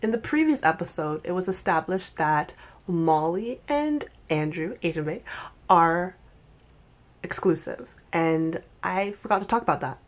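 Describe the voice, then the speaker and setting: A young woman giving a casual, animated TV recap, chatting fast and acting out lines with exaggerated voices. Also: fairly low pitch. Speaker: TV recap vlogger. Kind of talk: casual commentary.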